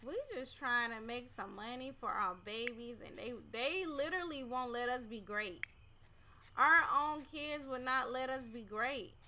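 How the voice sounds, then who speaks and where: Slow-talking woman narrating her life-sim game. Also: a little high, sharp tone, slight background noise. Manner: chatty, scolds her character as "girl". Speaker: gaming channel host. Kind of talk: casual let's-play commentary. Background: game music.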